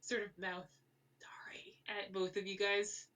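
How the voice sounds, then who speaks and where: Woman game master, casual and rambling, mid pitch, mic a little far off. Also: little pitch movement, moderate pace, fairly bright tone. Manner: rambling, many fillers and restarts. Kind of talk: narrating a tabletop game.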